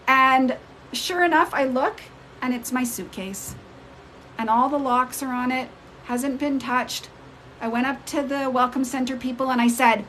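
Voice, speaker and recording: Lively, high-voiced woman telling a story. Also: unhurried, a little hiss or hum, poor audio. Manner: animated retelling that jumps up in pitch to act out quoted people. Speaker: spiritual storyteller. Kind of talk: casual live-stream storytelling. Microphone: phone mic on a live stream.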